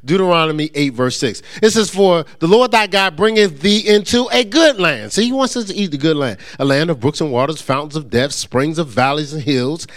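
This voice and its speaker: A pastor delivers a relaxed, conversational sermon to his church, full of teasing asides and jokes for the congregation. His voice sits on the high side and swings widely in pitch as he makes his points, and he often restarts words and repeats himself along the way.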